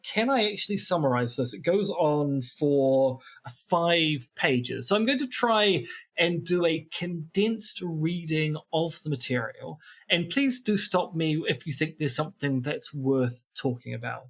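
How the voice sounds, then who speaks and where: A man's voice: a little high, fairly bright tone. A man co-hosting a podcast, reading from a book with dry, wry asides. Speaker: podcast co-host. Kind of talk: reading aloud from a book in casual chat.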